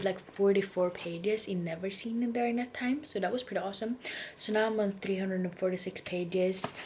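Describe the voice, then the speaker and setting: A woman's voice: mid-range voice, a little mellow, slight background noise. A young adult woman talking casually in a reading vlog, gushing and dramatic about the books she reads. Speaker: book vlogger.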